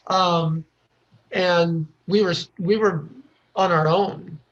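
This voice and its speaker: A man from the United States telling a personal story as a podcast guest, halting often with pauses and restarts. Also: high-pitched, steady tone, a bit bright. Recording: dull lo-fi recording.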